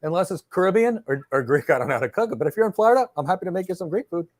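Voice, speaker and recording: Fast-talking, animated man interviewer. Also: sits high. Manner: enthusiastic, chatty storyteller. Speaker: interviewer and career coach. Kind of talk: lively mock interview on a live stream.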